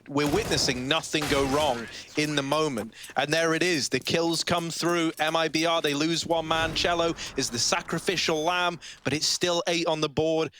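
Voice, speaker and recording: A man casting a competitive shooter match, playful and theatrical, building excitement on big plays. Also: a little high, a little hiss or hum. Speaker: esports caster. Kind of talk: play-by-play commentary.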